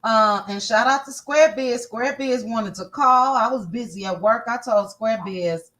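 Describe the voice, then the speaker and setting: A woman's voice: a little high, unhurried, few pauses, a bit bright. A woman hosting a casual celebrity gossip livestream, chatty and sassy, thinking aloud as she scrolls through posts. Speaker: gossip channel host.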